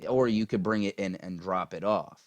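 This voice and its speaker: A man's voice: sits low, moderate pace, dry recording. A man ranting casually about politics, profane and rambling with lots of fillers, tired after a long day. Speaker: political commentary vlogger.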